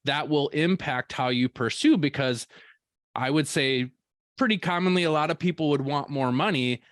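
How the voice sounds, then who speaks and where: A male podcast host, following up on his guest's point in a relaxed, agreeable way. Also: a little high, normal speed, no room sound, studio quality. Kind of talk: casual interview chat.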